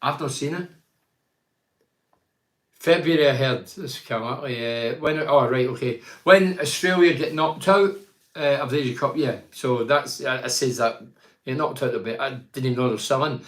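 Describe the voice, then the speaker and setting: A man's voice: a little high, fairly quick, fairly bright tone, roomy sound. An older man from Teesside, hosting a casual chat show, reads out viewer comments and gives blunt, rambling opinions. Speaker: host reading viewer comments.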